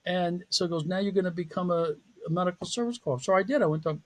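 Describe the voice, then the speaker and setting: Husky, higher-voiced man telling stories. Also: fast. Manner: candid, self-deprecating storytelling with frequent laughs. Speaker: guest, psychology professor. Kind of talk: conversational podcast interview.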